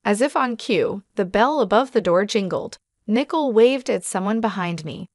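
A woman narrating a first-person family drama in a steady, even reading. Her voice sits in a middling range and is recorded very dry and close, with no room sound. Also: mid-range voice, normal speed, dry recording.

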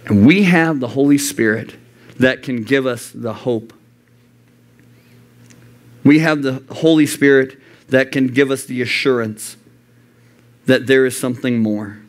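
A man preaching to a youth group, animated and acting out the voices he quotes. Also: medium pitch, unhurried, long pauses. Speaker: youth pastor. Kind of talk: sermon. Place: church youth service.

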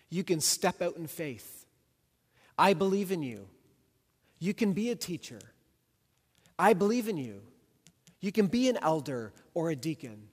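A man voicing Jesus as a gentle, encouraging male teacher who offers repeated reassurance. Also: on the high side, husky, exaggerated voice. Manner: warm, repetitive reassurance. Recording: long hall reverb.

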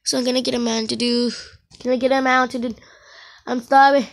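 A woman giving casual commentary while playing an online game, excitable and full of exclamations. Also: on the high side, fairly quick. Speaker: gamer.

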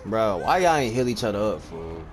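A young man giving live gameplay commentary, excitable and trash-talking, repeating phrases quickly as he plays. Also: fairly low pitch. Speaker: gaming video creator. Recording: steady clear background noise.

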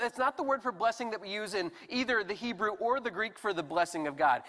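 Animated conversational preacher in a reverberant hall. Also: male voice, high-pitched. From United States. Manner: conversational, self-deprecating, animated emphasis. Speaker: pastor. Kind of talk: sermon.

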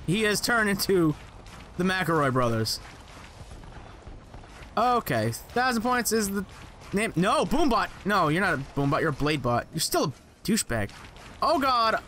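A man's voice: high voice, big pitch swings, normal speed, sharp tone, slight background noise. A young man commenting on his own gameplay, exclaiming, joking to himself and swearing as he plays. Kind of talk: casual let's play commentary.

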